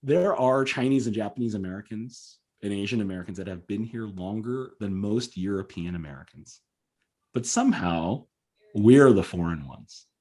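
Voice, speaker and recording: A man's voice: fairly low pitch, moderate pace, darkish tone. Earnest man, emphatic podcast guest. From Southern California. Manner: earnest, emphatic, with many fillers. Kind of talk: conversational interview.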